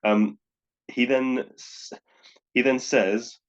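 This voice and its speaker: A man's voice: on the low side, a little fast, muffled recording. A man co-hosting a podcast, casually recapping wrestling matches and often repeating words as he goes. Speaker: podcast co-host. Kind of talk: casual wrestling review chat.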